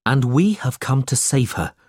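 Young hero, earnest and urgent, a man doing him a touch higher. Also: animated, a little slow, a little mellow, no room sound, studio quality.

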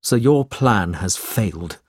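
A man's voice: deep voice, lively intonation, slow pace, slightly rough, no room sound, studio quality, exaggerated voice. A man voicing an earnest, brave young man in a storybook reading, urgent and sincere.

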